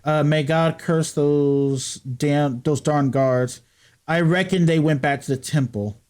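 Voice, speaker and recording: Man playing an old country man in fear for his life, folksy drawl, high-pitched and panicky. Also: slow pace, a little mellow. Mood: fearful. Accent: put-on American country accent. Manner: panicky, pleading, breathless. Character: frightened old rural man hiding from guards. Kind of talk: reading game dialogue in character.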